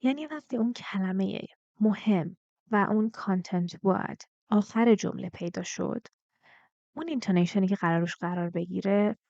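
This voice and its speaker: A woman's voice: medium pitch, gravelly, darkish tone, dry recording. Woman teaching pronunciation, dry muffled sound. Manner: slow, drawn-out model sentences with exaggerated intonation; rapid explanations between examples. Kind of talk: bilingual pronunciation lesson.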